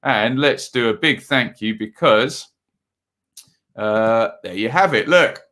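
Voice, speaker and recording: A man's voice: mid-range voice, slow pace, sharp tone. A man hosting a casual live football stream, chatting loosely with many fillers as he reads out viewer comments between match updates.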